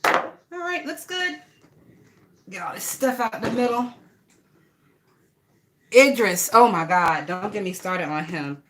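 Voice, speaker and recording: A woman's voice: medium pitch, animated, takes it slowly, long pauses, noisy background. A woman chatting casually and gossiping bluntly, with a lot of swearing, while she works on a craft project. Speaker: vlogger.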